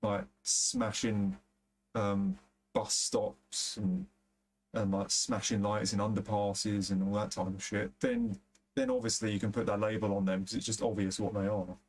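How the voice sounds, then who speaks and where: A young man with a lowish voice and a London-area accent talks casually on a game stream. He rambles, swears freely and scatters fillers through his sentences, like someone talking to his chat from a desk mic. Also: a little slow. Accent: London area English. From England. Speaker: gaming streamer.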